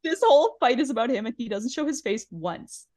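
Animated woman recapping reality TV. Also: on the high side, a little fast. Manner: animated, swearing, acting out quotes. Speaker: podcast co-host. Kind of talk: casual recap chat.

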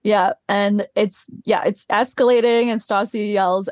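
A woman's voice: medium pitch, fairly even intonation, measured pace, no echo. A woman co-hosting a podcast, recapping a show in casual chat and laughing often. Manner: chatty, laughs often, acts out quotes. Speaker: podcast co-host.

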